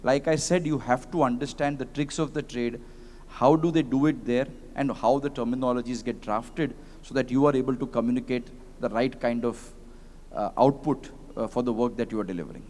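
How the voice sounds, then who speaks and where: A man with an Indian English accent, speaking on a conference panel and telling anecdotes in a lively way, slipping into Hindi phrases. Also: mid-range voice, a little fast. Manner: animated storyteller who mixes in Hindi phrases. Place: large convention hall. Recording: long reverb of a conference hall.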